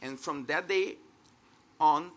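This sermon comes from a Brazilian Portuguese-accented man in his thirties whose voice is high and bright. Taking his time, he sounds earnest and conversational and laughs at himself, while a faint room ambience lingers behind him.

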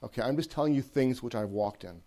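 Male preacher, warm low-key tone, chatty sermon with repeated emphatic lines. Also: fast. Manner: conversational, repetitive emphatic phrasing, checks in with listeners. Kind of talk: informal sermon.

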